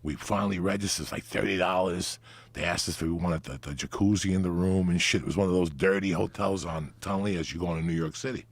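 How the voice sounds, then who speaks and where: A guest comedian from New Jersey tells a crude, rambling story on a podcast, full of profanity and vivid asides. His voice sits low and slightly rough, with fairly even intonation and a quick pace. The recording has no echo.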